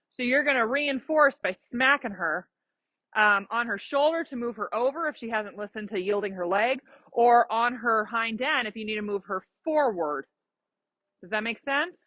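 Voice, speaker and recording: A riding instructor coaches a rider live through a lesson, explaining patiently with examples and offering encouragement. Her fairly high voice has lively intonation at normal speed and sounds pushed and bright, in a dry, muffled recording.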